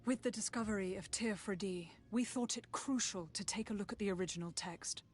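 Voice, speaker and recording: A woman's voice: mid-range voice, a little fast, slight background noise, natural voice. A woman voicing a fleeing female scholar in video game dialogue, earnest and pleading.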